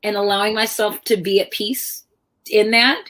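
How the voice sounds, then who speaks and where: Telling personal anecdotes in a lively, chatty talk, the middle-aged female author guest imitates the voices of people she quotes. She speaks at a moderate pace in a medium pitch.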